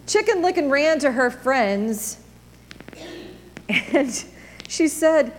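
Animated woman pastor in echoing church. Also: sits high, slow pace, slight background noise. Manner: animated, expressive storytelling. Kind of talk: children's sermon with storybook reading.

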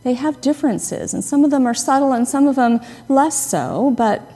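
A woman's voice: sits high, normal speed. Woman preaching in a reverberant church. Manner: conversational, gently humorous, emphatic on key words. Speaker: pastor. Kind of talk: sermon. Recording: long reverb of a hall.

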